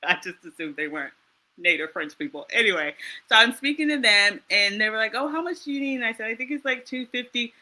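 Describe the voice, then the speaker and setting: An American woman telling travel stories in casual chat, animated and laughing often. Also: medium pitch, fairly quick. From United States. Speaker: interview guest.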